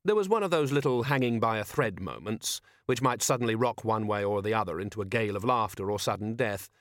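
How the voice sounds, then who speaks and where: A man reading an audiobook in calm, measured narration with dry humor. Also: lowish voice, no room sound. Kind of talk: scripted narration.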